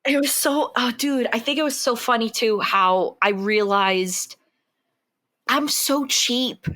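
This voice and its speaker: Animated young woman podcast co-host. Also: slow. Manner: animated, jumps into high-pitched imitations. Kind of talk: casual chat.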